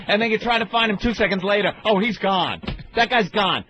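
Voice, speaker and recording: A man's voice: high-pitched, a little fast, background noise. A male comedian telling a story on a radio show, acting out everyone in it with profane, indignant energy. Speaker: comedian guest. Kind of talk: animated comic storytelling. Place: radio studio. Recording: dull lo-fi radio broadcast.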